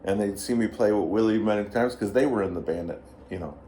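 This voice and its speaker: A man's voice: on the low side, fairly quick, a little hiss or hum. A blues guitarist, a man, telling stories in a casual interview and acting out the voices of the people he quotes. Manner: lively anecdotal, acts out quoted voices. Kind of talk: casual storytelling.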